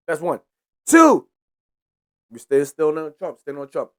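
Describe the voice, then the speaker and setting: A man's voice: fairly high pitch, sing-song, measured pace, long pauses, a bit bright. A young man hosting a podcast, ranting in a heated, profane way and repeating himself for emphasis. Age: young adult. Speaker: podcast host. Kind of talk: casual ranting monologue.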